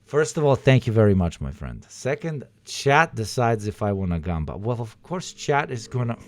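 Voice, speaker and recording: Excitable, foul-mouthed male streamer. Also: fairly low pitch, normal speed, no room sound. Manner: excitable, swears a lot, pleads loudly with chat. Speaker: livestream host. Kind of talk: casual livestream chat.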